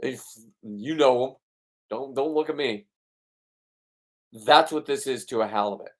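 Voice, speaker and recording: A man's voice: mid-range voice, a little slow. Profane, ranting fishing vlogger man. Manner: blunt, profane, ranting, boastful. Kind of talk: casual voice-over narration of his own video.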